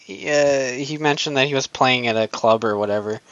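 A man's voice: mid-range voice, a little fast, fairly bright tone, no echo, muffled recording. A man co-hosting a podcast in casual chat, laid-back, giving short remarks and laughing easily. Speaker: podcast co-host.

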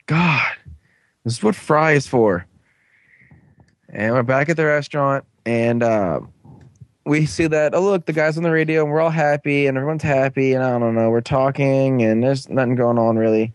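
A man in casual chat, rambling through an episode recap as a podcast co-host and often breaking into quick quoted voices. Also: medium pitch, steady tone, no echo.

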